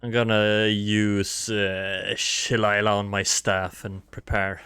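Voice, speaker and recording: Smooth low-voiced male player. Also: little pitch movement, pushed and bright, no room sound, faint music behind. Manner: deliberate, hesitant planning. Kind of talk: playing a tabletop game.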